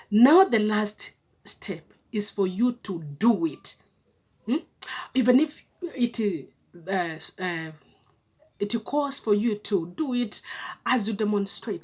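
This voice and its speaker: Husky woman giving earnest advice. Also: mid-range voice, darkish tone. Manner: earnest, coaxing, asks "hmm?" often. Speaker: relationship advice speaker. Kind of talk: advice talk to viewers.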